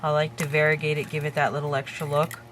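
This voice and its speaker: A woman hosting a crafting tutorial, calmly talking through each step while she works with her hands. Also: low voice, noisy background. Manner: calm, unhurried, talks while working with her hands.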